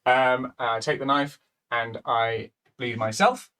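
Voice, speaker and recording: A man's voice: medium pitch, fairly even intonation, slow pace, bright, forceful tone, clear, resonant tone. A man playing a character in an improvised tabletop game, upbeat and chatty as he describes his actions. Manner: upbeat, chatty, lots of "good stuff" and "excellent". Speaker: player.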